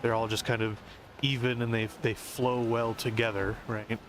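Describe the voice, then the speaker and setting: An American man streams a game and rambles on, musing as he explains things at length in casual commentary. His mid-range voice is flat and delivered at normal speed, with a slight hiss or hum in the recording.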